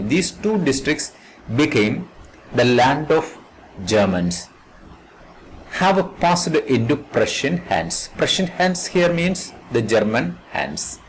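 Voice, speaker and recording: A man's voice: mid-range voice, a little hiss or hum, low-quality recording. A man with an Indian English accent, teaching an English lesson to students and repeating key words as he explains the text. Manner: slow, repetitive explanation, restating words several times.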